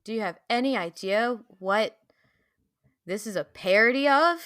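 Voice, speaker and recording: A woman's voice: a little high, lively intonation, measured pace, a bit bright, smooth, no echo, studio quality. A young woman co-hosting a podcast in casual chat, enthusiastic, laughing often and using many fillers. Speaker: podcast co-host.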